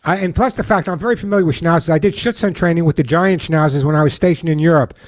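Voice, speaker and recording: Brief: lively New York-accented male radio host, slightly high voice, talks listeners through dog training. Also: fast. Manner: animated, acts out dog commands. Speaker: radio host and pet behaviorist. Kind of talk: call-in radio advice.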